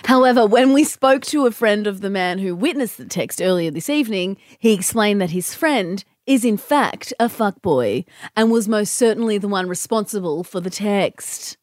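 A woman doing a slow, over-formal mock newsreader voice as a reporter live on the scene. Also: mid-range voice, animated, dry recording, studio quality, close to an everyday voice.

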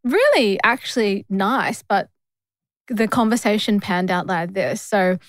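A woman's voice: measured pace, dry recording. An Australian woman in easy podcast conversation, telling stories with a voice that rises and falls a lot. She puts on other people's voices when she quotes them. The sound is dry and close. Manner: animated storyteller, acts out quoted people with rising pitch. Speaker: podcast co-host. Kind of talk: casual conversational podcast chat.

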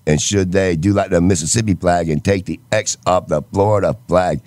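A man's voice: sits low, steady tone, brisk, darkish tone, no room sound. A man from Michigan in casual chat, telling rambling stories with restarts. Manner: rambling storyteller with stops and restarts.

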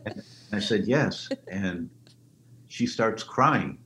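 A man, the interview guest, telling stories with animated energy and jumping into high-pitched voices when he quotes people. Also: unhurried. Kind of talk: enthusiastic storytelling in an interview. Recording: roomy remote line with faint noise.

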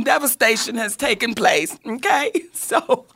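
A woman telling a personal story in casual chat, animated and swearing freely as she acts out what people said. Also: fairly high pitch, moderate pace, vocal fry.

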